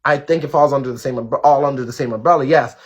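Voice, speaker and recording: Husky-voiced man, blunt live-stream host. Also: mid-range voice, fast, highs cut off. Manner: blunt and outspoken, swears freely; talks straight to his viewers, repeating himself for emphasis. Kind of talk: casual live-stream commentary.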